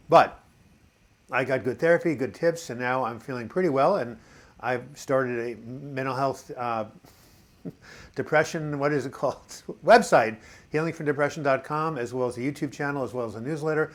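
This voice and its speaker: A man in a mid-range voice hosts a casual live video chat, chatty and rambling as he reads out viewers' comments. He answers them in an encouraging way and speaks to his viewers directly. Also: medium pitch. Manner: encouraging, addresses viewers as boys and girls.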